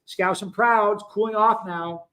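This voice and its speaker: A man hosts a casual livestream, chatting in a rambling way, reading viewer comments aloud, and frequently breaking off and restarting mid-sentence. His voice sits high with a steady, sharp tone, and he talks at a measured pace.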